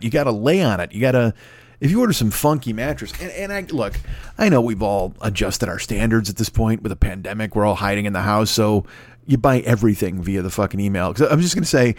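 A man hosting his podcast alone from home, rambling quickly with plenty of swearing, cracking himself up. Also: medium pitch, lively intonation, dry recording. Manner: rambling, profane, fast-talking and self-amused. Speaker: podcast host. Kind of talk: solo casual monologue. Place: home recording setup. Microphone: close mic.

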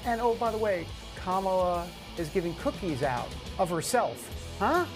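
A male show host giving animated, opinionated news commentary, laughing and sounding mock-incredulous. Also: high voice, normal speed, over music.

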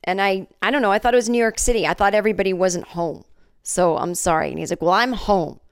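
On her solo comedy podcast, a woman in her forties talks fast in a smooth, mid-range voice with a steady tone. She chats and jokes through a made-up tale, acting out lots of voices.

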